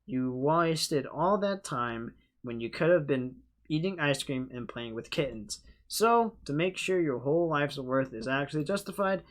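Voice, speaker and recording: A man's voice: mid-range voice, expressive, moderate pace. A young man hosting a gaming video, reading the game's text aloud in a loose, joking way with offhand asides. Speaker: gaming channel host.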